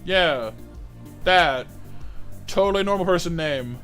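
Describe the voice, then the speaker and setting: A man's voice: fairly high pitch, lively intonation, slow pace, a bit bright, faint music behind. A man in his thirties chatting casually on a live art stream, rambling and stammering with lots of fillers. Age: 30s.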